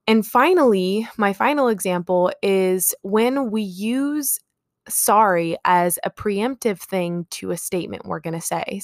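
A woman's voice: medium pitch, no room sound, studio quality. A young woman hosting a solo podcast, talking earnestly and reflectively, acting out short everyday example quotes. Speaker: podcast host.

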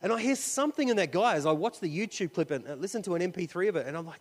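A man's voice: high-pitched, animated, very fast, hardly any pauses. Preaching man in a reverberant hall. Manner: conversational, with frequent fillers and restarts. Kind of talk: sermon with storytelling.

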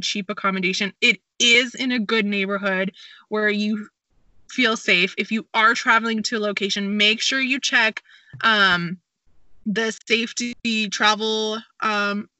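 Chatty young woman with a bright voice. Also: medium pitch, dry recording, low-quality recording. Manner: chatty, lots of fillers, giggly storytelling. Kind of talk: casual chat about travel.

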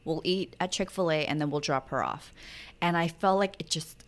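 A young adult woman co-hosting a podcast, chatting candidly about family life and bringing each moment to life by acting out what was said. Her voice sits fairly low for a woman. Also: normal speed. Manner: candid, chatty storytelling with acted-out quotes. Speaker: podcast co-host. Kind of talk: casual chat.

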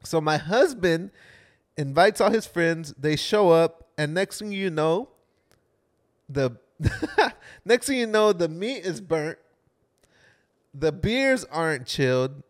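A man's voice: fairly high pitch, animated, slow pace, pauses often. A man co-hosting a podcast in casual chat, laid-back, laughing often and dropping in Spanish phrases. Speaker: podcast co-host.

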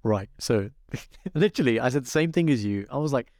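A young man co-hosting a podcast, telling stories in a casual, energetic and animated way. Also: mid-range voice, a little fast, no echo, studio quality. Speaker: podcast co-host. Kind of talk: casual chat.

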